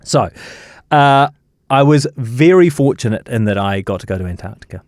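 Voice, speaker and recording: A New Zealand journalist in his thirties, telling lively anecdotes in a casual interview, with plenty of fillers and restarts. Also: medium pitch, moderate pace, no room sound, studio quality. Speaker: journalist guest.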